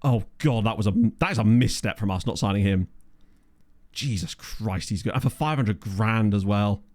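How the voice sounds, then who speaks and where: A man with a lowish, slightly mellow voice speaks at a moderate pace during casual gameplay commentary. Recording on a USB condenser mic, he plays, reads the live chat, and muses aloud.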